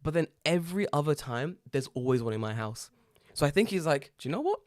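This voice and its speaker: A man from England co-hosts a podcast, telling stories in casual chat, swearing freely and laughing often in an animated way. His voice sits on the high side and is brisk, with a dry, clean studio recording.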